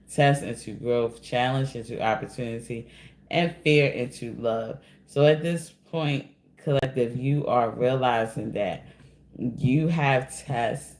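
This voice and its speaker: A man's voice: mid-range voice, darkish tone, roomy sound. A man doing a casual, rambling tarot card reading, repeatedly addressing his listeners as collective.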